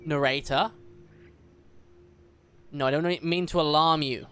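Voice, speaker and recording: A man's voice: on the high side, steady tone, slow, sharp tone, clean tone. A man streaming a video game, rambling in a jokey, casual way and talking back to the game's narrator. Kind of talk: casual livestream commentary.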